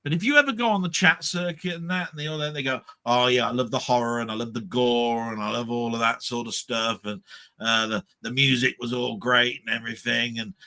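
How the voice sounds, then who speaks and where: A man's voice: mid-range voice, a little fast, bright, forceful tone. A man, co-hosting a casual film chat live stream with jokey, mock-grumpy banter.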